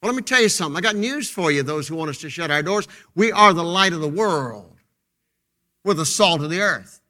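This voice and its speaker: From the pulpit, a fervent male pastor delivers his sermon in a high, bright voice, fairly quick and with lively intonation. Loud, emphatic proclamations give way to hushed, intense passages, and repetition drives each point home.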